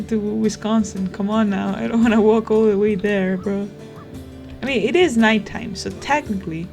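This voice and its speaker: A young woman gives casual let's-play commentary, rambling and thinking aloud as she goes. Her voice sits at a middling pitch, and faint game music plays underneath. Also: steady tone, normal speed, gravelly, a little mellow. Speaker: gaming streamer.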